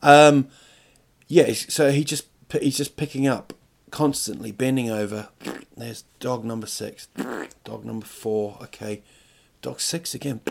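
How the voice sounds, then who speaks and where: Middle-aged man, podcast host, solo comic ramble, mid pitch, crude asides, stop-start phrasing. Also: fairly even intonation, measured pace, creaky. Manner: rambling, stop-start, crude jokes, rising rhetorical questions. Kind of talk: comic monologue.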